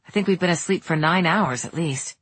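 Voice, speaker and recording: A woman voicing a practical, unflappable young woman who speaks quietly and matter-of-factly. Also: lowish voice, brisk, slightly rough, no room sound.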